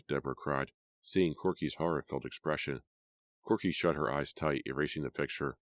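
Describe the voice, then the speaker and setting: Very deep-voiced male audiobook narrator. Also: fairly quick, no echo, studio quality. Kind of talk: scripted narration.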